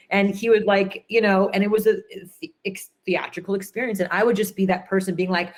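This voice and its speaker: A woman's voice: medium pitch, brisk, hardly any pauses. A woman entrepreneur telling stories in a conference interview, acting out quotes with many "like"s and fillers. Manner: animated storyteller, acts out quotes, many fillers. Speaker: entrepreneur guest.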